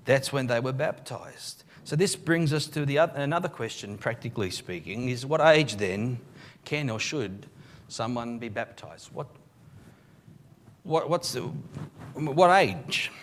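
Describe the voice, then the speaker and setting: A man, a pastor preaching a live sermon in church, telling the story with emphatic, animated delivery and frequent restarts. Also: medium pitch. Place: church service.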